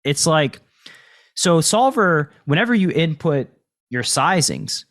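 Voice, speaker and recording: A man's voice: fairly high pitch, sing-song, takes it slowly, fairly bright tone. A man hosting a podcast in casual conversation about poker, talking loosely with lots of fillers and the odd swear word. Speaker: podcast host and poker coach.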